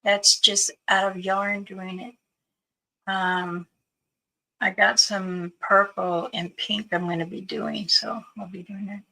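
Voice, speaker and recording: Chatty woman with a gravelly, bright voice. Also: medium pitch, level tone, slow, rough recording. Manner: chatty storytelling, greeting viewers. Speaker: livestream host. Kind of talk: casual livestream chat.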